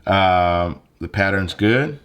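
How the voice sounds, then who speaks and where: A man's voice: low voice, takes it slowly, smooth. A young man casually explaining a phone video-editing setup and a plug-in mic, with lots of fillers. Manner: relaxed, conversational, lots of fillers. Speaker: tech video creator. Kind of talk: casual gear tutorial. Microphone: handheld phone mic.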